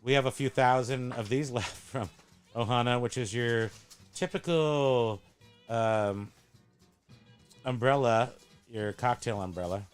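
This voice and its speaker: A man's voice: mid-range voice, measured pace, long pauses, clean tone, soft background music. A man hosting a casual show-and-tell chat at a home tiki bar, rambling and joking as he corrects himself. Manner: rambling, jokey, self-correcting. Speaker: host.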